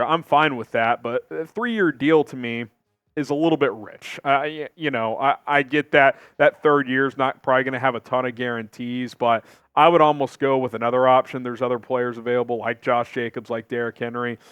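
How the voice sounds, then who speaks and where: A man hosting an opinionated sports talk show, talking emphatically with big swings in pitch and volume. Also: a bit bright, smooth, no echo.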